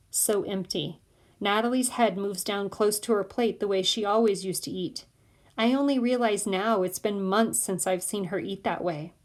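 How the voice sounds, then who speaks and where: A woman reading a novel aloud in steady first-person narration. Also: mid-range voice. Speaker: audiobook reader.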